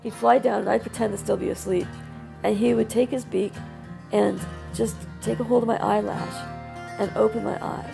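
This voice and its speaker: A woman tells the story of caring for a bird, speaking conversationally and warmly. Her voice is heavy with vocal fry, and her pitch sits in a middle range. A plucked guitar plays softly behind her. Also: steady tone, moderate pace. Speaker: wildlife caretaker. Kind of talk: personal interview storytelling.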